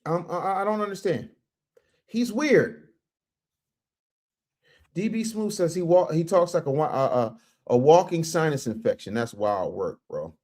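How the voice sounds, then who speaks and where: This male livestream host talks in a high voice that swings widely up and down. He roasts clips in a rowdy, mocking way with loud outbursts and reads chat messages between jokes. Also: expressive, a little slow, pauses often. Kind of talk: casual reaction stream commentary.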